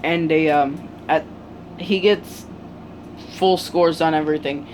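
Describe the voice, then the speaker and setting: A storyteller casually retelling a fan story, halting often with ums and restarts. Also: medium pitch, fairly even intonation, darkish tone, slight background noise, low-quality recording.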